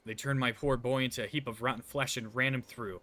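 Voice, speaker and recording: A man voicing a superstitious, grieving older parent in a put-on folksy accent, telling dark tales dramatically. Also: medium pitch, steady tone, brisk, close to an everyday voice. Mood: ominous. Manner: brooding, dramatic storytelling.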